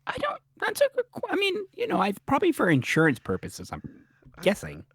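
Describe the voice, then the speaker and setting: A man co-hosting a podcast throws in theatrical gasps and sassy quips. His pitch leaps all over the place. The recording is dry and close. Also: huge pitch swings, a little fast, fairly bright tone, husky, dry recording. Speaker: podcast co-host. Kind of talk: casual chat reacting to a TV recap.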